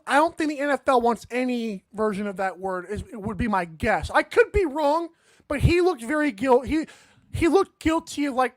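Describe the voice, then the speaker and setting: A man's voice: extremely high pitch, no echo. Dry-sounding laid-back co-host, man. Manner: laid-back, opinionated, hedging. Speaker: podcast co-host. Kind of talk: casual sports talk.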